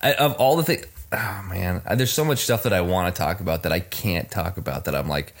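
Man, low voice, casual chat, frequent laughter. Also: brisk. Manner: laughs often while talking.

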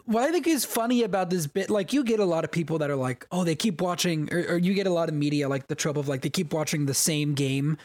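A man co-hosting a podcast, chatty and easygoing, often breaking into laughter. His voice sits a little higher than most men's. The close mic gives a dry sound with no room in it. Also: fast talker, hardly any pauses, a little mellow, dry recording. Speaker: podcast co-host. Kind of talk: casual chat.

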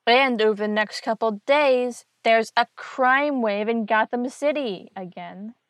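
Woman, podcast host, casual comic recap, wry asides, fairly high voice, dry close sound. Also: a little slow, no echo. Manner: wry, chatty asides and jokes.

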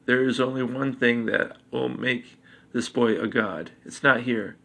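A man voicing a grave old high wizard in a measured, steady way. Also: creaky, exaggerated voice.

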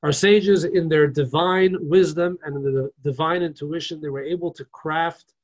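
A man with a somewhat high, husky voice leads a relaxed religious class. He talks in an animated, storytelling way, tosses out rhetorical questions and often restarts his sentences. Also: normal speed, highs cut off. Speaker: rabbi teaching a class. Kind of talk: casual religious class lecture.

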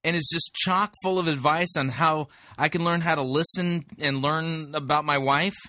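A man's voice: on the high side, moderate pace, no room sound, studio quality. A man hosting a podcast, commenting sarcastically on a recorded sermon he plays and critiques. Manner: sarcastic, mocking, animated.

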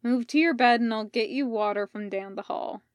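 A woman's voice: a little high, normal speed, dry recording, lightly acted. A woman doing a sensible, fussing young man. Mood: concerned. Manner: mildly patronizing, dry.

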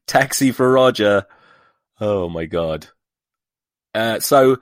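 Man, podcast host, low voice, dry close sound, sweary, sarcastic rant. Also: no echo. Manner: profane, sarcastic, exasperated.

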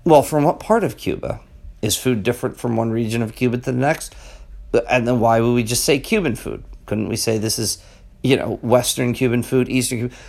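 A man's voice: medium pitch, a little fast, gravelly, a little mellow. Rambling middle-aged man musing aloud. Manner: rambling and conversational, peppers talk with "okay?" and "you know"; emphatic rhetorical questions. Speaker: vlogger. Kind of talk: casual off-the-cuff monologue.

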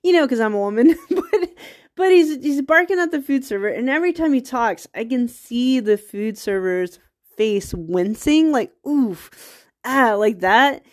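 A woman's voice: fairly high pitch, lively intonation, moderate pace. A woman hosting a podcast, talking in a rambling casual monologue with laughing asides, a bit stuffy from a cold. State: has a cold, occasional coughs. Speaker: podcast host.

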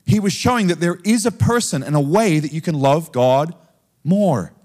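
Animated man preaching a sermon. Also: fairly high pitch, moderate pace. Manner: conversational and animated, frequent "you know" asides. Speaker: guest preacher. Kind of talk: sermon with storytelling. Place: church sanctuary.

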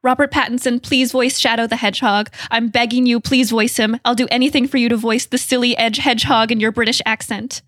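A woman co-hosting a film podcast, talking with bubbly enthusiasm and giggling between phrases. Her voice sits a little high. The recording is dry and close, with no room sound. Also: fairly even intonation, a little fast, hardly any pauses, fairly bright tone, no room sound. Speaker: podcast co-host. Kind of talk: casual chat.

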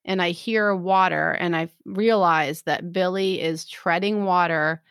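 A woman in casual chat, telling a story in an animated way and acting out what people said. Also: on the low side, a little slow, clear, resonant tone, dry recording, studio quality. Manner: animated storytelling, acts out quotes.

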